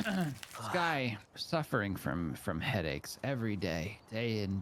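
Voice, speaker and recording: Low-voiced man rambling through a joke. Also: big pitch swings, slow, a bit bright, slight background noise. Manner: rambling, full of fillers and restarts. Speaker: streamer host. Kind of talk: casual joke telling.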